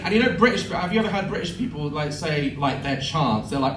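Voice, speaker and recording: A man telling a comic story to a live audience, animated and sweary, acting out voices and screams. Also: fairly high pitch, fast, a little hiss or hum. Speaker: live show performer. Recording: echoey venue, heard from afar. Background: audience laughter.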